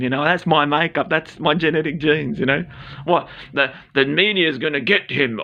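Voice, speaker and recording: A man's voice: medium pitch, moderate pace, gravelly, pushed and bright, muffled recording. A man in his forties with an Australian accent, talking casually to camera in a rambling, blunt, sweary way full of fillers. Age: 40s.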